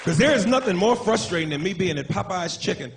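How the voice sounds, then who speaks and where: Brash foul-mouthed comedian guy, high voice, live club crowd going off, noisy room. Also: fast talker. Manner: brash, profane, animated storytelling. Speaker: stand-up comedian. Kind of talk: stand-up comedy.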